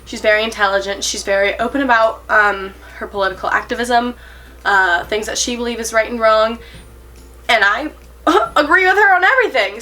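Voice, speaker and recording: A woman's voice: on the high side, sharp tone. An eighteen-year-old woman talking to camera in a casual vlog, earnest and a little nervous, rambling with fillers and self-corrections and breaking into giggles. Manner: giggly, self-conscious laughs. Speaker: vlogger.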